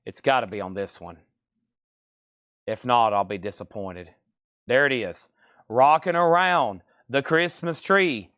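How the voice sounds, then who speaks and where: A man's voice: medium pitch, expressive, a little slow, pauses often, a bit bright, no echo, clean studio sound. A man hosting a live record sale, chatting casually and thinking aloud as he sorts and prices albums. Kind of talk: casual live sales patter.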